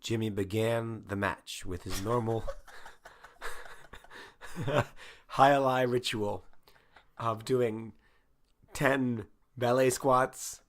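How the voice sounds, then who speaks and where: A man co-hosting a comedy podcast, improvising a story aloud with halting restarts and fillers. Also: mid-range voice, steady tone.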